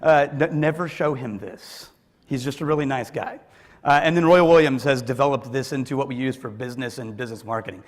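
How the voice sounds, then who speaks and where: A man's voice: mid-range voice, a little fast. A man giving a joking, conversational and self-deprecating conference talk to a large audience in a hall. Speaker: conference speaker. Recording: echoey hall with long reverb.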